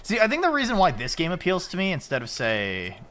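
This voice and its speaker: A man's voice: high voice, a little fast, slight background noise. A male streamer chatting casually and joking while playing a game with a friend. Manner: joking, excitable, swears. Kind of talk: casual gaming chat.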